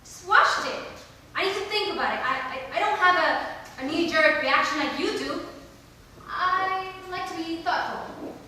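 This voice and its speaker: A woman's voice: very high-pitched, bright, forceful tone, exaggerated voice. An actress playing a patient, thoughtful young woman defending a film at a stage reading, recorded from far off in an echoey hall. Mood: calm. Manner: measured, patient, lightly mocking. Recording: echoey hall, mic far off, faint hiss.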